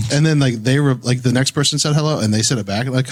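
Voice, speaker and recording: A man's voice: mid-range voice, fast talker, dry recording. A young man from Indiana co-hosting a podcast, telling stories in casual chat and laughing often. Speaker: podcast co-host.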